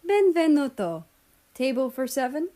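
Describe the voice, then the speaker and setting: A woman reading aloud puts on a young man who runs an Italian restaurant, speaking in an Italian accent. His voice sits higher than the narration around him, and he sounds friendly and a little apologetic, as in a storybook read-aloud. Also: sing-song, unhurried, warm tone.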